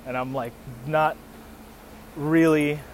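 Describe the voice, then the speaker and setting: A man's voice: on the high side, slow pace. A man in his thirties hosting a podcast, telling a story casually with lots of swearing and bursts of laughter. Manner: profane, animated storytelling with laughs. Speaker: podcast host. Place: outdoors near a street. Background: passing traffic noise.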